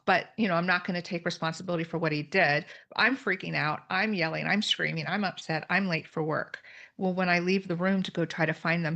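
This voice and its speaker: A woman's voice: fairly low pitch, gravelly, fairly bright tone, muffled recording. A middle-aged woman telling her own story as a podcast guest, candid and earnest, explaining terms with plain examples. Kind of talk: personal story in a podcast conversation.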